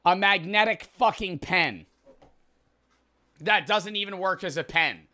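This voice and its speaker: A man's voice: high-pitched, unhurried, pushed and bright, no room sound. A young man chatting on a livestream, swearing a lot and sounding exasperated while he reels from spicy food. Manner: profane, exasperated, rambling. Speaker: streamer. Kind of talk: casual livestream chat.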